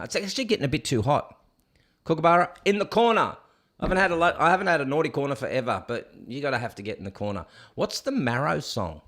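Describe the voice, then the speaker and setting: His voice is a little high and fairly bright: a middle-aged Canadian man running a casual livestream, reading aloud what viewers post in chat and singing snatches of songs between comments.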